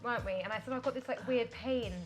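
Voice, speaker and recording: A woman's voice: on the high side, quick pace, over music. A woman in her thirties chatting in a bubbly, laughing way while cooking in a home kitchen. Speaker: vlog host cooking. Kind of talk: casual cooking chat.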